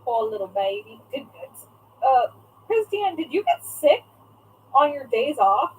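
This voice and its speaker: Young woman, higher voice, loose live-stream chatter with viewers, casual swearing, faint room hum. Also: sing-song, a little slow, a little mellow, low-quality recording. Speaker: craft shop owner streaming live.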